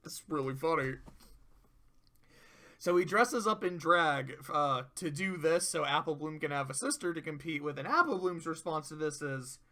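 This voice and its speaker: A young man casually reviewing a cartoon episode, talking in a loose, animated way and swearing freely. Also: fairly high pitch, moderate pace.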